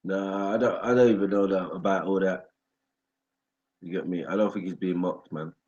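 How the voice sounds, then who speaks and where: A man's voice: low voice, fairly even intonation, moderate pace, darkish tone, dull audio. A man, talking in laid-back, mumbling slang.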